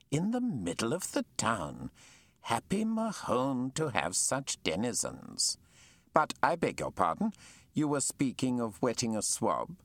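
A man voicing a learned, courteous male naturalist with formal, precise speech that turns excitable. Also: mid-range voice, dry recording, voice pushed up, full character voice. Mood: excited.

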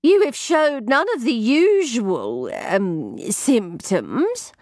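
A woman voicing a prim housekeeper who speaks in a halting way. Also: fairly high pitch, big pitch swings, darkish tone, no room sound, studio quality, voice pushed up, heavily acted. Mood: flustered.

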